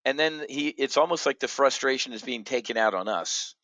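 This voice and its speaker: A man hosting an opinionated market commentary show, blunt and combative, jumping from loud outbursts to low muttering. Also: fairly quick, no echo. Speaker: options trading show host.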